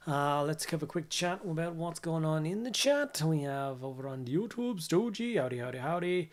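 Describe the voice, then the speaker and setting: A man's voice: a little high, normal speed. A man hosting a casual livestream, chatting with viewers while he builds models and greeting them with repeated hellos. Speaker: livestream host.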